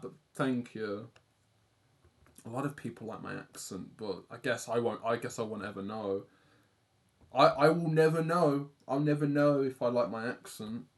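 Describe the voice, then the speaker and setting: A man's voice: medium pitch, creaky, fairly bright tone. A young British man from the UK chatting casually on a live stream, rambling and self-deprecating, reading chat aloud and swearing offhand.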